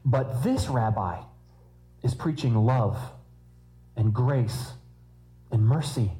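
Male preacher, warm mellow tone, chatty sermon with jokey asides. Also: mid-range voice, animated, slow, low-quality recording. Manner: conversational preaching with humorous asides.

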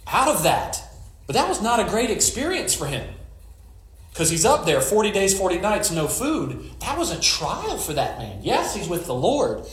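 Lively joking preacher man. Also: high voice, moderate pace, reverberant. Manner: joking, storytelling asides. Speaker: pastor. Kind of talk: conversational sermon.

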